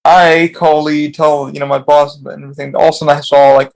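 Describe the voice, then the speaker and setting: A man with a gravelly, creaky voice. He rambles through casual stories, swears freely and often stops to restart a sentence. His voice sits a little high for a man. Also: flat delivery, brisk, rough recording. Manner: profane, rambling, with frequent restarts. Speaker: podcast host.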